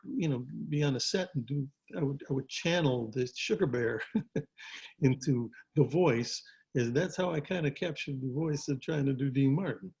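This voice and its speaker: An older man, an actor, telling stories in a relaxed interview from his home over a video call, with frequent restarts and repeated words. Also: on the high side, moderate pace, slightly rough, rough recording. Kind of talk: casual storytelling interview.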